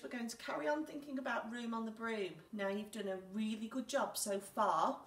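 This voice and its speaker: A woman with an English accent teaching a recorded lesson for young children, clear, patient and encouraging. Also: mid-range voice, far from the mic. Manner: clear, patient and encouraging, reads story lines aloud with emphasis. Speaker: primary school teacher. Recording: echoey room, speaker away from the mic.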